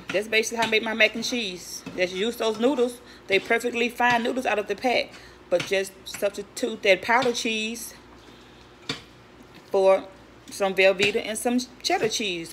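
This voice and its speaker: A woman making a casual cooking vlog in her home kitchen, chatty and rambling, stumbling over her words as she goes. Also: medium pitch. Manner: chatty, rambling, stutters and restarts. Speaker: home cook vlogger. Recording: home recording with clear kitchen noise. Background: clinking pots, pans and cutlery.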